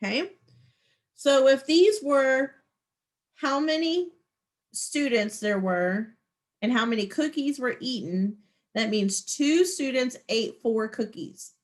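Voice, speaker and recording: A woman's voice: sits high, animated, slow pace. A woman teaching a math class over a video call, patient and encouraging as she explains each step. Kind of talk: online class lesson.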